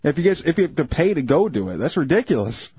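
A man's voice: fairly high pitch, very animated, fast, warm tone, breathy edge, dry recording, muffled recording. A man co-hosting a radio show, firing teasing questions and jokes in casual banter. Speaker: radio co-host.

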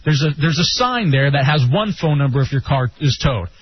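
Man, radio host, animated storyteller, high voice, dull broadcast sound, faint hiss. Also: normal speed. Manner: animated, acts out quoted voices. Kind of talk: storytelling on a radio talk show. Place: radio studio.

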